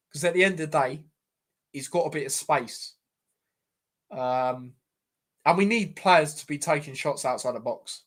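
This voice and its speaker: A young man with a fairly high voice hosts a live football watchalong as a fan. He's chatty and exasperated, constantly calling his viewers "mate."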